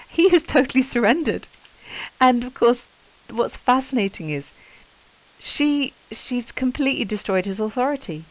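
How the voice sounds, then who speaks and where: A woman's voice: a little high, expressive, normal speed. Enthusiastic woman teaching literature. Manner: enthusiastic, emphatic explanation. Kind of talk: lesson reading and annotating Middle English verse. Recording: dull lo-fi recording.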